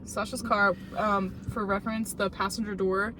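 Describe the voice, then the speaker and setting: A woman's voice: medium pitch, normal speed, noisy background. A young adult woman telling a story in a casual, rambling chat from the front seat of a car, with "like" in almost every sentence. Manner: animated, rambling, heavy use of "like". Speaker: co-host.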